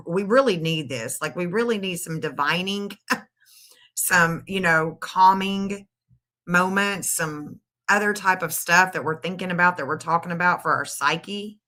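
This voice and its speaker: A woman's voice: on the low side, measured pace, bright, forceful tone. A woman co-hosting a live stream, chatting casually in an earnest, rambling way. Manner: rambling, earnest, searching for words.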